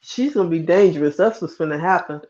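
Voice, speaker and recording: A man's voice: fairly high pitch, fast, a little mellow. A man co-hosting a casual chat, laughing easily and answering with short reactions. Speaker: podcast co-host. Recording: dull lo-fi recording.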